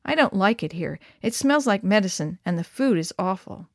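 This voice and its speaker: An injured young boy asks earnest questions in a storybook reading, as a woman puts him on. His voice rises a little above the reader's usual pitch. The sound is dry and close. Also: expressive, moderate pace, dry recording. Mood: questioning. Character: seventh-grade boy, injured and bitter.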